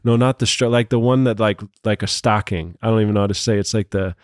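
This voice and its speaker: A man from New York City tells a long joke in a casual, rambling way, full of animated asides. His voice sits on the low side. The recording is dry and close, with no room sound. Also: fast, clean tone, dry recording. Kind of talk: casual chat, storytelling a joke.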